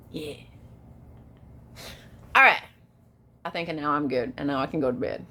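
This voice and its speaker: A woman talking straight to camera in a casual motivational monologue, emphatic and repeating herself, moving between hushed and shouted lines. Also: sits low, measured pace, long pauses, slight background noise. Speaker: vlogger.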